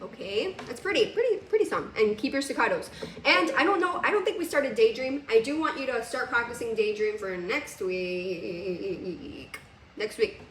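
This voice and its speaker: A woman's voice: fairly high pitch, animated, moderate pace, fairly bright tone, reverberant, distant mic, slight background noise. A woman teaching a piano lesson on video, chatty and casual, laughing now and then. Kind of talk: recorded music lesson. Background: piano playing.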